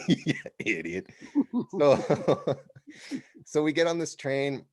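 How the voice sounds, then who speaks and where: An American man hosting a podcast, telling a travel story in an animated, casual way and laughing as he goes. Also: a little high, very slow, creaky, dry recording, studio quality. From United States. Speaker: podcast host.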